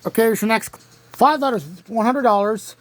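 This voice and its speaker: A woman hosting a home-made crossword game show, reading clues and spelling answers letter by letter, pausing and restarting often. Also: a little high, soft background music. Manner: halting, with frequent restarts.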